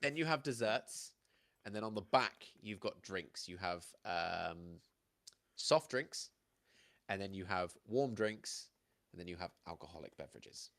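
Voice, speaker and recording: A man's voice: low-pitched, expressive, measured pace, vocal fry, a bit bright. A man running a tabletop game as game master, narrating scenes in a chatty, laughing way.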